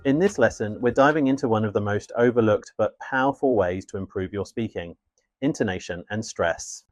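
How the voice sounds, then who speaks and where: Low-voiced man giving a scripted lesson. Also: soft background music. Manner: clear, measured, instructive delivery. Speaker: English teacher. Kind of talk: scripted teaching narration.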